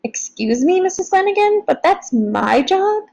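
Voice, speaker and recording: A woman reading an audiobook, voicing a bossy young girl who hollers and gives orders in a much higher voice. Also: big pitch swings, measured pace, vocal fry, darkish tone, dull audio, full character voice.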